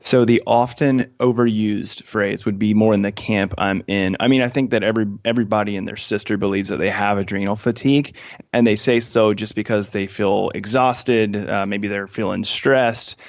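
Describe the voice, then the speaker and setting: Male podcast co-host, low gravelly voice, slightly dull dry sound, laid-back. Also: fairly even intonation, moderate pace, dry recording. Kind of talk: casual podcast chat.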